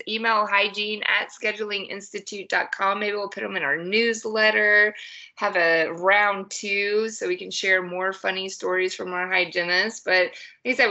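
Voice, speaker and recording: A woman hosting a podcast, telling funny stories in a casual, animated way and laughing often. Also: mid-range voice, lo-fi sound. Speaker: podcast host. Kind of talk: casual chat.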